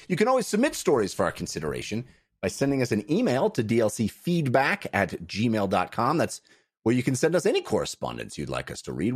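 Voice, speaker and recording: Man, podcast host, hugely animated pitch, dry close sound, showman delivery. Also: slightly rough, dry recording. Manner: booming showman intro, pitch swinging wide. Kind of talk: energetic podcast hosting.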